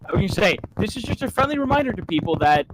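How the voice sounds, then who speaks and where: A man co-hosting a casual stream, teasing the others with deadpan jokes. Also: high-pitched, racing, background noise. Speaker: co-host. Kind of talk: casual chat.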